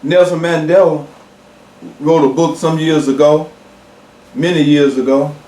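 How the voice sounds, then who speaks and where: A man preaching a sermon, slow and emphatic, repeating key words and pausing with fillers. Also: on the high side, steady tone, mellow, echoey room, recorded from a distance.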